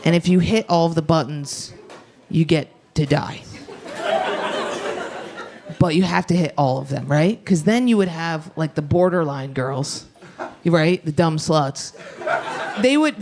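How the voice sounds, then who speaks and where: A woman performing a brash, fast stand-up set, talking with the crowd on a club stage. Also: lowish voice, animated, noisy background. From United States. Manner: brash, rapid, often shouting and laughing. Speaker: stand-up comedian. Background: audience laughter.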